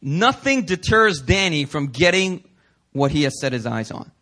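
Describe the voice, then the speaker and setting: Young male pastor, casual joking sermon, high bright voice. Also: sing-song, normal speed. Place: church.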